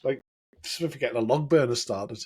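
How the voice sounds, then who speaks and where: A man's voice: medium pitch, brisk, a little mellow, slightly rough. A man co-hosting a podcast, chatting casually and joking, laughing often. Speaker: podcast co-host. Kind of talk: casual chat.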